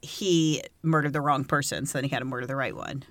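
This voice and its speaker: A woman's voice: rumbling low, fast, no echo. A woman co-hosting a podcast in casual chat, joking and sarcastic, laughing often with crude, irreverent humor. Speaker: podcast co-host.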